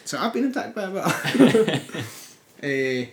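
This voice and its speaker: A man's voice: high-pitched, takes it slowly. Man telling stories, echoey room. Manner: animated storytelling, swearing and laughing. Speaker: podcast co-host. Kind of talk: casual chat.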